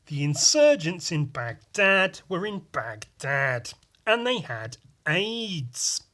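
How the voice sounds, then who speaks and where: A man putting on the voice of a pompous British TV news reporter, slow and stiff in cadence. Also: fairly high pitch, sharp tone, pitched above the performer's own voice, heavily acted.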